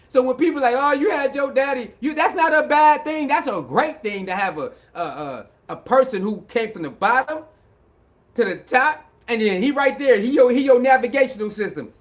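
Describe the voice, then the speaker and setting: A man's voice: very high voice, a bit bright. A man giving a casual, emphatic sports commentary monologue, repeating phrases for emphasis and using slang. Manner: emphatic, repetitive, preachy, slangy.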